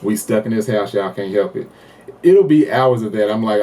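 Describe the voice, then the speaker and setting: A man's voice: fairly low pitch, normal speed, far from the mic. Laid-back man, a bit off-mic. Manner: laid-back, laughs along, quiet asides. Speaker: podcast co-host. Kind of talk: casual chat.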